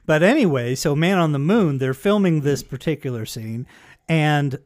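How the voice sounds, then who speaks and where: A man's voice: a little high, animated, normal speed, a little mellow. A man telling a story in casual chat, swearing freely and acting out the quotes. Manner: profane storyteller, acts out quotes.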